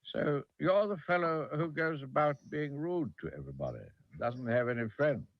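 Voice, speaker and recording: A man's voice: fairly high pitch, lively intonation, moderate pace, no room sound, pitched above the performer's own voice. A man voicing a stern, lofty male goblin king in a 1970s cartoon, speaking in a stately, judging way, heard on a dull old TV soundtrack.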